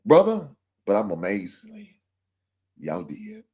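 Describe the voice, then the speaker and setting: His voice is lowish, warm and a little breathy, moving slowly with huge swings in pitch. He's the host of a livestream sports show, swearing and fuming over his team's defeat while speaking straight to viewers and super chat senders.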